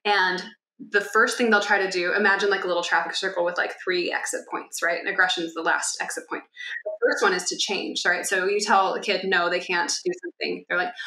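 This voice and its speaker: A woman co-hosting a podcast, explaining ideas in a casual, animated way and sometimes acting out a child's voice. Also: lowish voice, fairly quick, reverberant. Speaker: podcast co-host.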